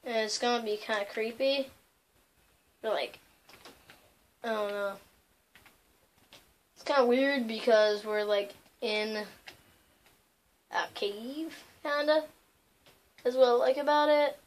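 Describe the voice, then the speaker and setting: A woman's voice: fairly high pitch, slow pace, long pauses, slight background noise. A woman hosting a casual let's-play of a video game, rambling along with lots of fillers and loose asides. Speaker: gaming channel host.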